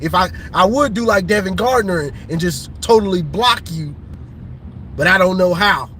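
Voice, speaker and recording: A man live-streaming a casual sports rant, teasing rival fans with laughter and drawn-out colloquial talk. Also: high-pitched, lively intonation, pushed and bright, a little hiss or hum.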